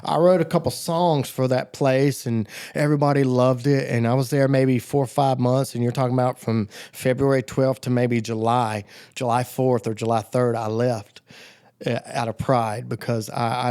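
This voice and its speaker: With a medium-pitched, clear and resonant voice that is a little mellow and shows little pitch movement, this Southern US man speaks at a moderate pace. Appearing as a podcast guest, he rambles casually through his recovery story, often imitating the people he quotes.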